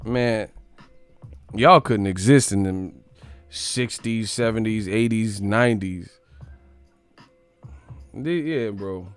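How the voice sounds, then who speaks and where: A man's voice: lowish voice, slow pace, pauses often, clean tone, dry recording, soft background music. Profane ranting male boxing streamer. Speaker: boxing channel host. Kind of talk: live stream commentary.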